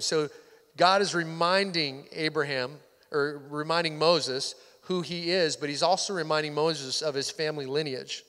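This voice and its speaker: Male pastor, slightly high voice, casual sermon delivery, reverberant sanctuary. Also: fairly even intonation, measured pace, bright, forceful tone. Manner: conversational, drops to near-whisper for intimate points. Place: church sanctuary. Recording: hall reverb.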